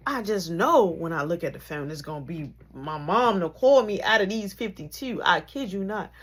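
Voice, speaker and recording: A woman telling a long personal story, acting out each person in it and swinging between hushed asides and loud outbursts. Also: a little high, normal speed, husky. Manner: lively, acts out every character in the story, swings from hushed to loud. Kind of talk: animated storytelling.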